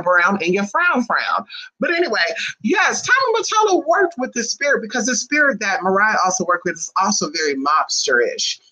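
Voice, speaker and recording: A spiritual reader chatting live with viewers in a sassy, fast way, calling them honey, with big swings in pitch. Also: sharp tone, rough recording. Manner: talks fast. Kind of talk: live-stream chat with viewers.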